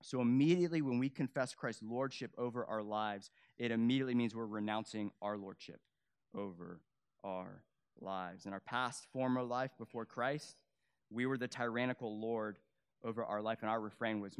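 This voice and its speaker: Speaking at normal speed with fairly even intonation and a clean tone, a young adult pastor delivers a sermon. His delivery shifts between loud, emphatic high points and low, quiet, earnest passages, along with casual remarks to the congregation.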